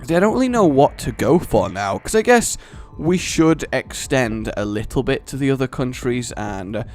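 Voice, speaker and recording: A man hosting a let's play, commenting in an animated, joking way and rambling off on tangents. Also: medium pitch, normal speed, soft background music. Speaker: gaming channel host.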